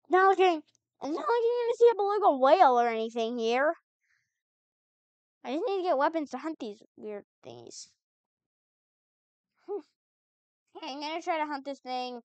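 High-voiced woman narrating her gameplay. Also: darkish tone, no echo, lo-fi sound. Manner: chatty, puzzled, talks back to the game. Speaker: gamer. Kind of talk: let's-play commentary.

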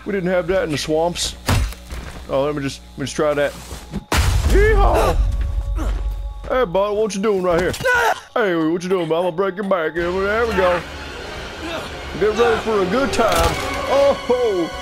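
A man's voice: high voice, moderate pace, over loud music, voice pushed up, lightly acted. A man voicing a rowdy, gleeful hillbilly killer in a put-on Southern drawl. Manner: loud whooping drawl.

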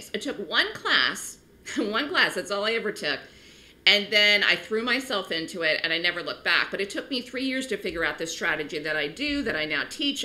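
A middle-aged woman, a trading educator, giving a direct-to-camera market talk in an emphatic, animated way. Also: rough recording. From New York City. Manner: animated, emphatic, rising pitch on key points.

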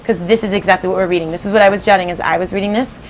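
A woman teaching fifth graders in a classroom, giving clear directions and prompting students for answers. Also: mid-range voice, fairly even intonation, rapid-fire, a little hiss or hum, low-quality recording. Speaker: 5th grade writing teacher. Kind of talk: classroom teaching and read-aloud.

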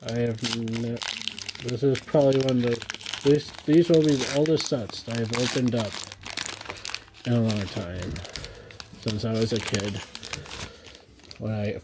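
A man in his thirties chatting casually to viewers at home as he opens trading card packs, excitable and gushing over each card. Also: medium pitch, a little slow, pauses often, background noise. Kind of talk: casual unboxing chat.

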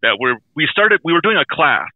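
A man's voice: fairly high pitch, sing-song, fairly quick, no echo, narrow, tinny audio. A man co-hosting a podcast in casual chat, talking candidly and rambling with self-aware asides. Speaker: podcast co-host.

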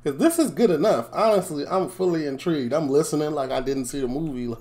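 A man's voice: on the high side, animated, fairly quick, warm tone. Amused man from Chicago reacting. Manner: amused, chatty, laughs often. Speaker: reaction video host. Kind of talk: casual reaction commentary.

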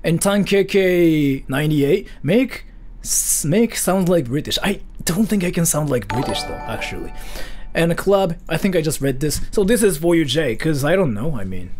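High-voiced young man, dude-bro banter. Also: sing-song, normal speed, a little mellow. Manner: exaggerated surfer-dude talk, repeating dude and bro. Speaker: livestreamer. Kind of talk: casual stream chat, reading viewer messages.

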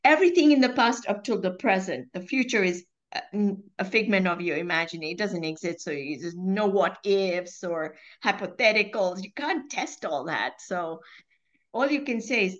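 Animated woman host, lively pitch. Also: moderate pace, muffled recording. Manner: animated, laughs often, acts out her own thoughts. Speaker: author and show host. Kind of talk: conversational interview.

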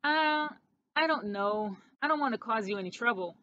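A shy, shabby little field mouse speaks quietly and with hesitation, as a woman reads him. The voice is slightly high, and the recording sounds muffled. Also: lively intonation, normal speed, dry recording, lightly acted. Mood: timid. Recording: dull lo-fi recording.

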